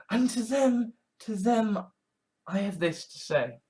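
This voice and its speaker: A woman's voice: mid-range voice, lively intonation, slow, mellow. A woman ranting in a vlog commentary, full of sarcastic mock outrage, repeated phrases and swearing. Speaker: online commentator.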